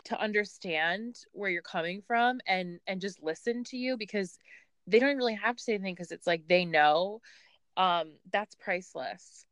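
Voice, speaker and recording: A woman's voice: medium pitch, moderate pace, a bit bright, no room sound, studio quality. A woman hosting a casual conversation, listening closely and agreeing often as she talks. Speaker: host.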